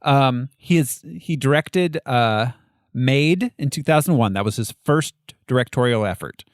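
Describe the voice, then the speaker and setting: A man's voice: medium pitch, expressive, measured pace, no room sound, studio quality. A man co-hosting a film podcast, chatting casually with frequent laughs and hesitant fillers. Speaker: podcast co-host. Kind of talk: casual chat.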